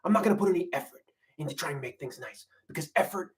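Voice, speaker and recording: A man's voice: fairly high pitch, lively intonation, fast, natural voice. A man playing a folksy, laid-back grandmother on a comedic parody livestream, rambling and repeating himself. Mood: gossipy. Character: folksy middle-aged grandmother reality-TV wife, laid-back. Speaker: livestream host.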